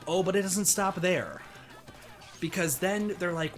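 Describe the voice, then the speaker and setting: A hoarse man streaming a game, telling a story in a rambling, animated way with many restarts. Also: fairly high pitch, normal speed, over music. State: hoarse, strained voice.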